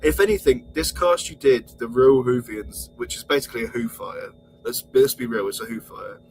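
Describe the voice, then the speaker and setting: A man's voice: mid-range voice, moderate pace, slight background noise, low-quality recording. A man co-hosting a podcast, exasperated and heated, swearing as he rants. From England. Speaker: podcast co-host. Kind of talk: casual podcast rant.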